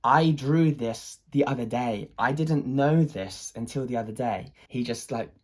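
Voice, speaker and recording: An artist tells a personal tale in a raspy, breathy voice. The delivery is hesitant, peppered with "um" and false starts, yet animated. The pitch sits in an ordinary middle range. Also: measured pace. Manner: hesitant, many restarts and fillers; excited, animated retelling. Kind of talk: personal storytelling to camera.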